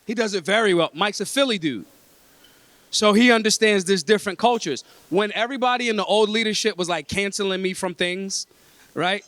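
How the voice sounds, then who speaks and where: A man's voice: high-pitched, brisk, fairly bright tone, dry recording. A man from Philadelphia addressing a convention breakfast, talking in an emphatic, streetwise, freely swearing way. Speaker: convention speaker. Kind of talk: blunt, profane talk to a room.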